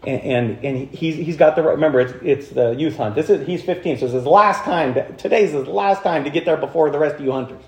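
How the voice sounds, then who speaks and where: A man preaching a sermon as pastor, animated, swinging from hushed passages to loud, high-pitched points. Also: a little fast, hardly any pauses, roomy sound. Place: church.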